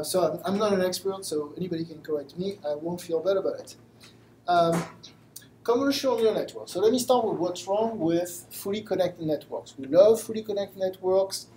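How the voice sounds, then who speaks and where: Man, French accent, mellow warm tone, live lecture, faint background hiss. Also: high-pitched, rough recording. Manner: self-deprecating, explains with simple examples. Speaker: guest lecturer. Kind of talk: live lecture to a study group. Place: room with a live audience.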